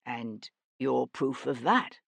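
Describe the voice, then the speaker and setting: A woman voicing a small, calm older magistrate who speaks slowly in a measured, plodding way. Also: rumbling low, creaky, no room sound, pitched below the performer's own voice, heavily acted. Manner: slow, measured, even calm.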